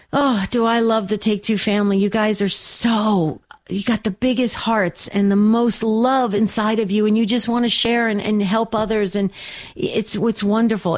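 Lady radio host taking calls, warm and encouraging, mid pitch. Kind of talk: call-in radio talk.

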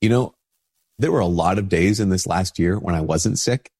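A priest with a stuffy nose from a cold, giving an informal spoken reflection with many restarts. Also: male voice, sits low, moderate pace, a little mellow, breathy edge.

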